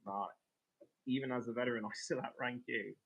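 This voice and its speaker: A man's voice: medium pitch, steady tone, brisk, creaky, husky. A man streaming live, chatting casually and sarcastically, swearing as he answers his chat. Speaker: livestreamer. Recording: tinny phone-like sound.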